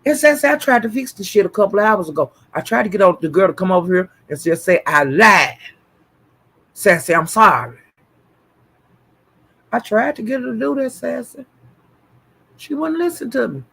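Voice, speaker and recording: A man giving animated, profane livestream commentary, repeating phrases for emphasis. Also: high voice, moderate pace, vocal fry, long pauses, husky. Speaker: online commentator.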